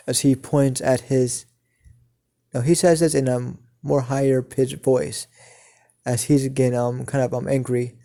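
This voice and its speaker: A man improvising a fan story as narrator, halting with many ums and restarts. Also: mid-range voice, level tone, mellow.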